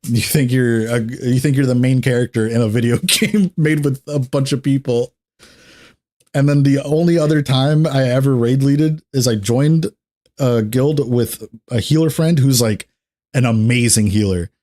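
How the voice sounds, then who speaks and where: A man chatting casually while streaming a game, at an ordinary middle pitch. He tells stories in an animated, blunt way, swearing now and then and slipping into other people's voices. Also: moderate pace. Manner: animated storyteller who acts out what others said. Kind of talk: casual chat while gaming.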